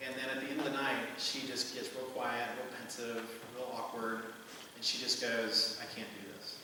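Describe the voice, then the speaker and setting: A man's voice: medium pitch, little pitch movement, moderate pace, noisy background. Man preaching in an echoey church hall. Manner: conversational storytelling, asides and filler words. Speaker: pastor. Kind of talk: sermon. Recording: roomy hall reverb from a distant mic.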